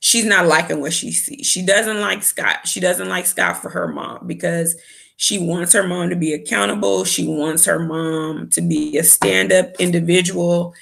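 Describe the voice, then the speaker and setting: A woman's voice: fairly low pitch, steady tone, a little slow, creaky, fairly bright tone. A woman giving a candid, opinionated casual recap of a reality show as a vlogger. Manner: candid, opinionated, with quoted asides.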